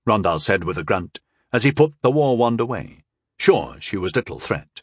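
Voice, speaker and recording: A man narrating a fantasy novel in a measured, scripted storytelling style. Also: fairly low pitch, animated, breathy edge, no room sound, studio quality. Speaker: audiobook narrator.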